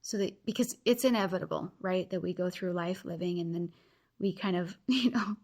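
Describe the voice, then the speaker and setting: A woman in her thirties hosts a motivational podcast with a husky, breathy voice that sits a little low. She speaks earnestly and encourages her listeners directly. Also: normal speed, a little mellow. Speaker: podcast host.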